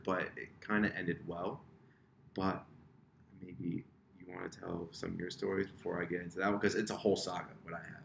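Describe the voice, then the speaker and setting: A man's voice: sits low, gravelly, a bit bright. A man telling a story on a casual podcast, self-mocking, acting out the lines of the people in it. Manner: self-mocking, acts out quoted dialogue. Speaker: podcast guest. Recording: roomy echo, faint room noise.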